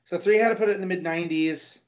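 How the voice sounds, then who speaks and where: This man talks fast in a high-sitting voice while playing a trivia game on a podcast. He's chatty and keeps wandering into side stories, and the audio is dull and lo-fi.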